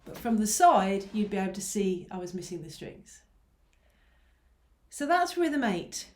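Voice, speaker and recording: A woman's voice: mid-range voice, big pitch swings, unhurried, soft background music. A woman teaching an online ukulele lesson, patiently explaining rhythms and counting beats aloud. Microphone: mic close by, teacher moves nearer. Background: ukulele strumming.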